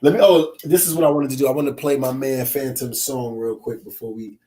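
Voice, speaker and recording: A man's voice: mid-range voice, fairly even intonation, a little fast, mellow. A man hosting a casual podcast, joking around with loose, profane banter. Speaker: podcast host. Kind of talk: casual chat.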